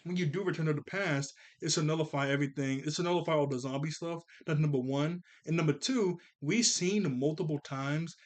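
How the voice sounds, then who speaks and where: A man recapping a cartoon episode in a casual, excitable, rambling way, talking fast and correcting himself as he goes. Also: fairly high pitch. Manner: talks fast. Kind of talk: casual spoken review.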